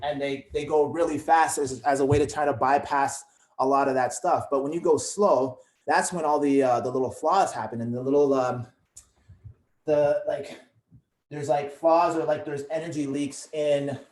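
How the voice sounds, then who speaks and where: A man's voice: on the high side, moderate pace. A man leading an online movement class, explaining at an easy pace with lots of fillers and tag questions. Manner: relaxed, explanatory, many fillers and "right?". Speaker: movement instructor. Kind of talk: teaching an online fitness class. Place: indoor studio. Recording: echoey room.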